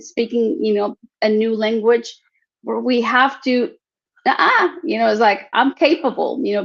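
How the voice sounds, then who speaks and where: A woman hosting a talk show, speaking in a reflective, chatty way over a video call. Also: on the high side. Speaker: host. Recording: dull lo-fi stream audio.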